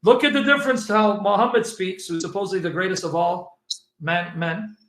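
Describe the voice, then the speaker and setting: A man's voice: high voice, brisk, roomy sound, crowd noise. A man debating religion with a listener, emphatic and insistent, pressing his points and quoting scripture with rising force. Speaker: Christian apologist.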